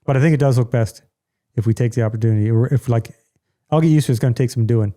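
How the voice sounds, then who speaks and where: A man's voice: medium pitch, rapid-fire, warm tone. A middle-aged man hosting a casual podcast from home, blunt and ranting, with a joking streak. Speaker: podcast host.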